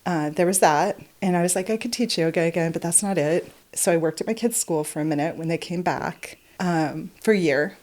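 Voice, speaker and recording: A middle-aged woman chatting as a podcast guest, telling stories in an animated way, laughing often and swearing freely. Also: lowish voice, brisk, hardly any pauses. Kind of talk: casual podcast chat.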